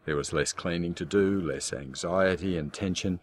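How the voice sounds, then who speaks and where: A man in scripted audiobook narration with a measured, darkly wry storytelling manner. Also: sits low.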